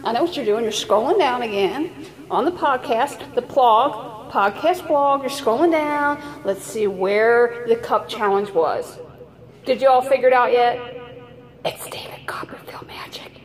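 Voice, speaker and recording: A woman's voice: a little high, animated, unhurried. A woman hosting a podcast, chatting casually to her listeners with jokes and rhetorical questions. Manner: chatty, joking, rhetorical asides to the audience. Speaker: podcast host.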